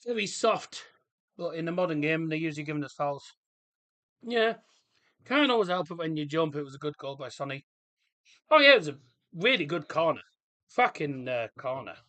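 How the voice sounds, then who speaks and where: A man hosting a casual live football watchalong, chatting in a rambling, jokey way and reacting loudly to the game. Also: a little high, big pitch swings, moderate pace, long pauses. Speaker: livestream host. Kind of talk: casual match watchalong chat.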